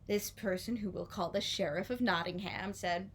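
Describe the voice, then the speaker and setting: A woman telling a story to young children, playful and animated, inviting listeners to join in. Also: mid-range voice, normal speed, vocal fry, hardly any pauses, slight background noise.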